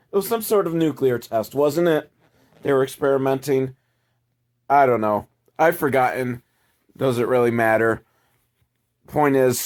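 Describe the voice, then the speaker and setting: Male movie recapper, middle pitch, slow rambling delivery, sardonic and profane. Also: darkish tone. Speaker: movie reviewer. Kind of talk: casual movie recap commentary.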